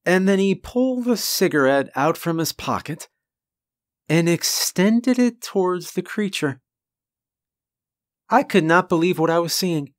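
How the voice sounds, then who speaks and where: A man narrating a first-person horror story in a deliberate, earnest manner with dramatic pauses. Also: high-pitched, lively intonation, no echo, clean studio sound.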